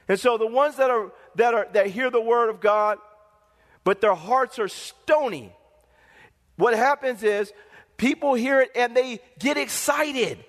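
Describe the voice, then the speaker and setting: A man's voice: very high voice, unhurried. A male pastor preaching a sermon in an emphatic, repetitive, call-and-response manner, with a long hall reverb.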